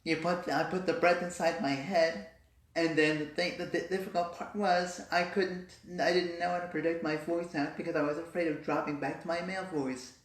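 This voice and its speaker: A woman's voice: fairly low pitch, fairly even intonation, normal speed. A woman in a casual vlog, explaining and demonstrating voice techniques. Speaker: vlogger. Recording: roomy echo.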